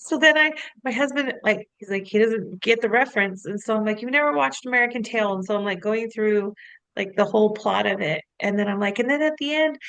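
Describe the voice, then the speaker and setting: A woman co-host speaks in a casual, lively podcast manner, telling stories with frequent "like" fillers. Her voice has a gravelly, fry-touched texture at a middle pitch. The sound is close and dry, with no room behind it. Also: fairly quick, no room sound, low-quality recording. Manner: animated storyteller, frequent "like" fillers, laughs easily.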